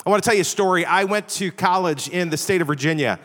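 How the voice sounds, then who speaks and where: A man's voice: sits high, quick pace, fairly bright tone. A middle-aged man from the Chicago area preaching a sermon, telling stories in a conversational, self-deprecating way. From Chicago area, USA. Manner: self-deprecating, conversational, often adds "all right?". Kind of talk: storytelling sermon. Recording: long reverb of a big hall.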